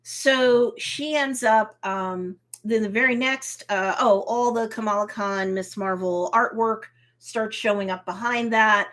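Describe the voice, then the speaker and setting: A woman hosting a casual live review of a TV episode, recapping scenes in a lively way, acting out the characters' reactions, and slipping into motherly advice. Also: on the high side, a little slow, hardly any pauses. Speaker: host and TV reviewer.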